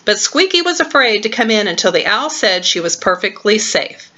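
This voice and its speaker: An older woman at home reading a children's storybook aloud to her grandchild, warm and expressive, recorded on a webcam. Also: mid-range voice, moderate pace, dull audio.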